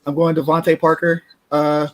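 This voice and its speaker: A man co-hosting a casual sports podcast, relaxed and chatty, sometimes tripping over his words. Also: a little high, normal speed. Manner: relaxed, chatty, laughs easily, stumbles on words. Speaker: podcast co-host. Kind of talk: casual sports talk, mock draft.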